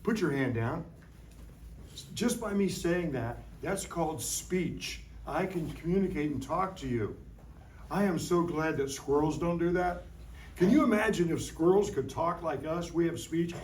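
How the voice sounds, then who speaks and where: A man teaching a lively science lesson to young children in a classroom, playful and full of call-and-response. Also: on the high side, a little slow, a little hiss or hum. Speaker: science educator visiting a class. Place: school classroom. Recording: roomy room from a distant mic.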